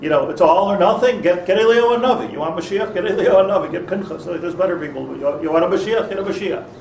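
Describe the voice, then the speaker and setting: A man's voice: high voice, fast talker, creaky, darkish tone. A man, a rabbi, teaching an interactive class, thinking aloud and questioning his students with many restarts. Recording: echoey room, far from mic, faint noise.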